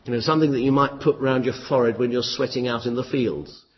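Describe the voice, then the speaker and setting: A man preaching a sermon in an emphatic, lively style with flashes of dry humour. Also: mid-range voice, fast, slightly rough. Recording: muffled, echoey hall.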